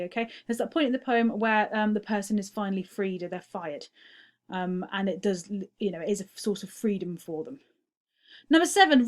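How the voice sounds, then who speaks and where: A woman teacher talking through quiz answers in a recorded feedback lesson, explaining step by step and often checking in with "okay?". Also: on the high side.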